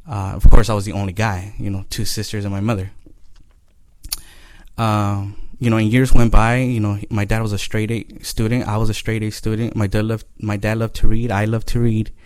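A man with a fairly low voice shares a personal testimony, earnest and unhurried. He talks haltingly, leaning on pauses and fillers as he gathers his thoughts. The recording is dry and close, with no room sound. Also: level tone, a little mellow, no echo. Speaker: storyteller sharing his life story.

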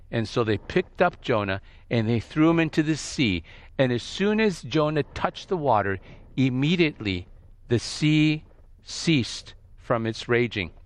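A man's voice: a little high, no room sound. A man preaching a sermon, reading scripture aloud and explaining it, lifting his voice for quoted lines.

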